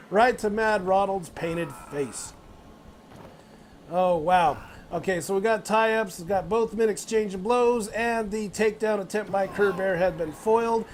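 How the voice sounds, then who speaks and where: A young man giving excitable play-by-play wrestling commentary, swearing, laughing and bursting into loud exclamations. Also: high voice, measured pace, a little hiss or hum. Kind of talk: play-by-play commentary on a video game wrestling match.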